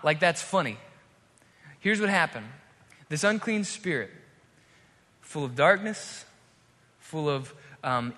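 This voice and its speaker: A man preaching a sermon, telling the story with animated energy and acting out the voices of the people in it. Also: on the high side. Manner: animated storytelling, acts out crowd and demon voices. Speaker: pastor. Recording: hall reverb.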